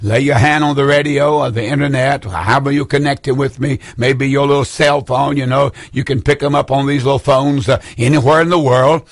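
A man's voice: mid-range voice, steady tone, a little fast, few pauses, no echo. An older man preaching a broadcast sermon from a studio, fervent and rambling, repeating his points for emphasis. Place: indoor studio room.

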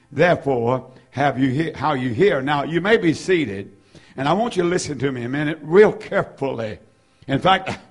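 A man preaching a sermon, reading scripture aloud and repeating key phrases with slow, drawn-out emphasis. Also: a little high. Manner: reads scripture in old-fashioned wording. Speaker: pastor.

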